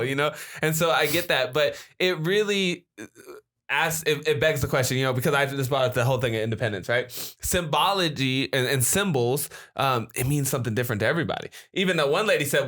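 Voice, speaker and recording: Male podcast host, bright tone, loose rambling delivery with laughs. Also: a little high, quick pace. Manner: rambling, laughs while retelling stories. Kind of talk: casual podcast chat.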